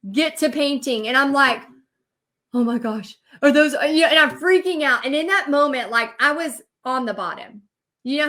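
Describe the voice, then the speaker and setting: A woman in her thirties tells a personal story with lively emotion. Her voice sits high and sounds bright and forceful. She acts out her own past thoughts as she goes. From Texas. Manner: emotional, animated storytelling with quoted inner voice. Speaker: host and business coach.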